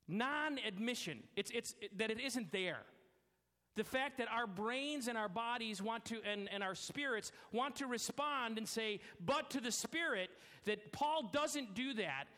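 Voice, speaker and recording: A man preaching a sermon as pastor, emphatic, slowing down and dropping his voice low to stress key words. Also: lively intonation, bright, forceful tone. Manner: emphatic preaching, slows and drops low for weight. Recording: long hall reverb.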